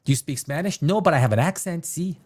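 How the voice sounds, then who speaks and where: A middle-aged man talks casually to his livestream audience, rambling from one thought to the next and laughing at his own jokes. His voice sits a bit high and swings widely in pitch as he goes. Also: expressive, fast, a little mellow, slightly rough. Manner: rambling, joking, laughs often. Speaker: livestream host.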